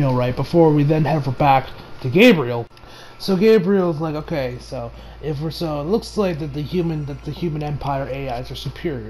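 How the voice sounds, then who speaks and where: A man's voice: fairly high pitch, a little hiss or hum. A young man from the United States talking casually in an anime review, rambling with lots of fillers and bursts of laughter. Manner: laughs a lot, excitable.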